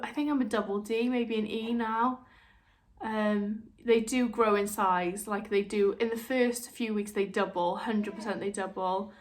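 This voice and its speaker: A young woman talking frankly to camera as a vlogger, chatty and open, slipping into other voices when she quotes people. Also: medium pitch. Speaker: vlogger, new mother. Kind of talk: candid personal chat to camera.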